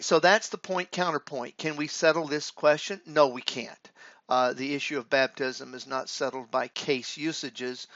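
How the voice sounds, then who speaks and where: A man teaching Greek grammar in a halting, deliberate way, with frequent filler pauses. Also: fairly high pitch, a bit bright, no echo. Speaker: Greek professor. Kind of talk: grammar lecture. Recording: dull lo-fi dry recording.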